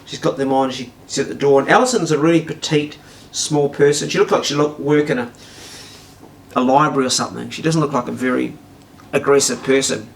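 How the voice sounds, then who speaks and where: A middle-aged man tells an animated, swearing-laced anecdote. His voice is gravelly and sits a little high. He's off-mic in a roomy space with faint noise behind. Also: brisk, distant mic. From New Zealand. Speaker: storyteller. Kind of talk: casual anecdote telling.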